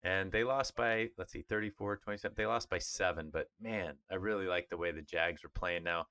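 A man's voice: low-pitched, fairly even intonation, a little fast, sharp tone, smooth. A man co-hosting a podcast, chatting casually about sports in an upbeat, rambling way with fillers. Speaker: podcast co-host.

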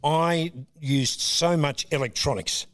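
An Australian man in his sixties telling stories as a guest, animated and often laughing. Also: on the high side, takes it slowly, slight background noise. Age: 60s. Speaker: guest, comedian. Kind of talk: casual storytelling interview.

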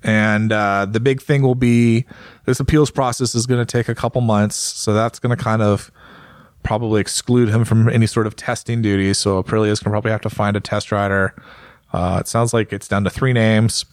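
A man's voice: fairly low pitch, level tone, brisk, dry recording, clean studio sound. A man co-hosting a casual podcast, talking in a rambling way with lots of fillers and restarts. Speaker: podcast co-host, motorcycle rider. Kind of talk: casual chat.

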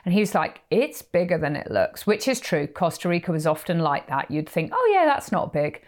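Low-voiced woman telling a lively story. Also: fairly quick. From England. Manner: animated, acts out quoted lines. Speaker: podcast co-host. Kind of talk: casual storytelling chat.

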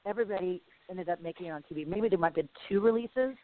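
A woman guest in a casual interview, telling stories in a rambling, animated way. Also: fairly low pitch, racing. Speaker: podcast guest. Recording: phone-like line with faint hiss.

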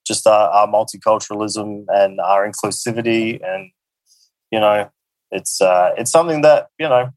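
A man from Australia with an Australian accent, chatting easily as a guest and pausing often with ums. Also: lowish voice, no echo. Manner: easygoing, hesitant, with many ums.

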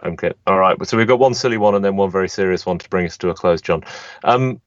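Deep, fast-talking podcast host. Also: male voice, dry recording. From Sheffield, England. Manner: brisk, friendly, lots of fillers. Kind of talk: casual podcast interview. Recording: dull lo-fi remote audio.

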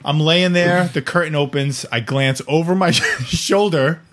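A man's voice: on the high side, a little slow, very noisy. A man hosting a podcast, telling an embarrassing story in casual comedic style and acting out everyone's lines. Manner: animated, laughing storyteller acting out dialogue. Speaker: podcast host.

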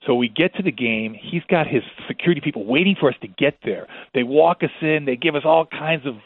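Fast-talking man on a tinny line. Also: a little high, no room sound. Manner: rambling, animated, with frequent restarts. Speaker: zoo worker telling stories as a guest. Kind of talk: casual anecdotal storytelling. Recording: tinny dry phone-like line.

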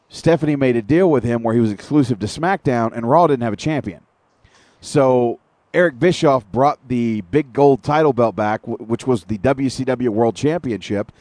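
A man's voice: mid-range voice, a little mellow, no room sound. A man co-hosting an internet radio show, ranting in casual, profane wrestling talk with long detailed recaps. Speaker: podcast co-host.

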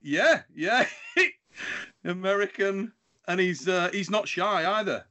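A man's voice: high voice, takes it slowly, pushed and bright. A man hosting a podcast, chatting casually and laughing often. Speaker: podcast host. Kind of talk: casual chat.

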